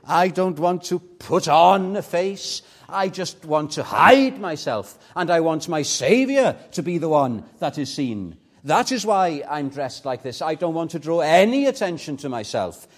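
A man preaches from the pulpit in a fervent sermon style. His voice sits a little higher than most men's, and he moves from soft, hushed asides to loud, emphatic peaks. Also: lively intonation, unhurried, few pauses. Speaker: pastor. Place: church.

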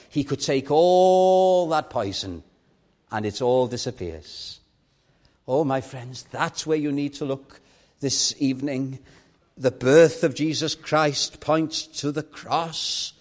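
A man's voice: mid-range voice, a little slow. A man with a Welsh accent preaching an earnest evangelistic sermon, pleading and building to emphatic repetition.

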